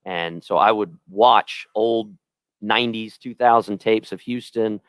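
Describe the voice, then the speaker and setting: This is a young man with a low voice, a rodeo announcer talking on a podcast. He tells his stories earnestly and often restarts his sentences. The sound is dry and close. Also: a little slow, no echo. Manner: earnest storytelling with many restarts. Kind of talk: casual podcast chat.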